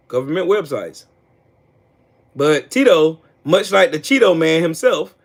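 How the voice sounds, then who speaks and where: A man hosting a livestream and ranting about politics, taunting and trash-talking a viewer and laughing often. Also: on the high side. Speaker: livestream host. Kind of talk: heated political rant.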